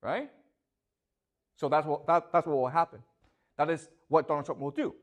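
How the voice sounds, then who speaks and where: A man's voice: fairly high pitch, normal speed. A man lecturing a classroom, asking students questions and checking often whether they follow.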